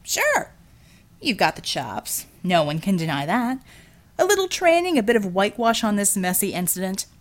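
A woman's voice: medium pitch, big pitch swings, moderate pace, close to an everyday voice. A woman voicing a cocky, scheming male superhero who talks with brash, teasing salesman patter. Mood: smooth salesman.

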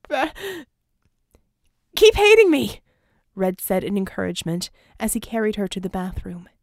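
A woman reads a tense story aloud with dramatic force, lifting to shouts and falling to breathy sobs as the characters demand. Her voice sits at a middle pitch, recorded close and dry with no room sound. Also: no echo. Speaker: audiobook narrator. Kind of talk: scripted narration.

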